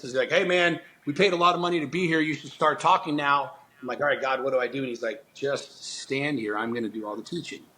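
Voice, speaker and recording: A man's voice: medium pitch, fairly bright tone, slight background noise, rough recording. A middle-aged man telling a personal story as a podcast guest, earnest and intense, swearing often and restarting his sentences. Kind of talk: storytelling in conversation.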